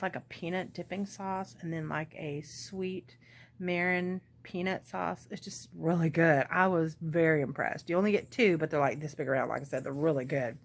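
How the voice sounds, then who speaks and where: A woman in her forties with a relaxed Southern US accent chats to the camera from her home, recorded on a tablet. Her voice sits a little low, and she wanders from topic to topic with easy fillers and restarts. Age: 40s. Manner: chatty, rambling, with fillers. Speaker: crafting vlogger. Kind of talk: casual vlog chat. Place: at home, indoors. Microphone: tablet or phone camera.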